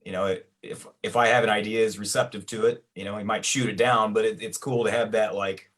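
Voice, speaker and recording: A man's voice: fairly low pitch, steady tone, brisk, fairly bright tone. A male musician talking casually in an interview, hesitant and searching for words.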